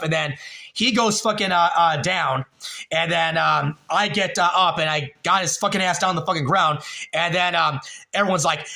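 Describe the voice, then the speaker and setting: A man's voice: fairly high pitch, gravelly, pushed and bright. A young man hosting a livestream, telling a long story in a rambling, profane way with many fillers, and a little tipsy. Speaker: livestream host.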